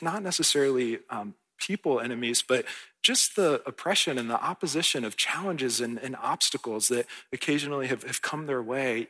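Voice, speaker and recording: A man's voice: mid-range voice, pushed and bright, breathy edge. A man in his thirties, a pastor preaching a sermon in a church in an earnest, conversational way, often checking in with "right?".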